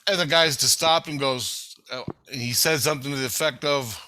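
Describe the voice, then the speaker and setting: A man's voice: mid-range voice, normal speed, pushed and bright. A man from Canada hosting a casual chat, telling an anecdote with quoted dialogue. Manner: storytelling with quoted dialogue, brief agreeing backchannels. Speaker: host.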